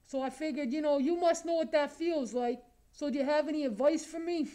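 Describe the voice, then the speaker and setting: A man's voice: very high-pitched, fairly quick, mellow. A man voicing a crude, lonely, self-admiring male creature with razor teeth, taunting strangers in an improvised comedy video chat. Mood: mocking.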